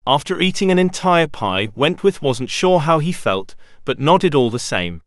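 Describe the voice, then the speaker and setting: A man narrates a storybook with an expressive, lively pitch and a measured, deliberate reading. The recording is dry and close, with no room sound. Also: dry recording. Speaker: audiobook narrator.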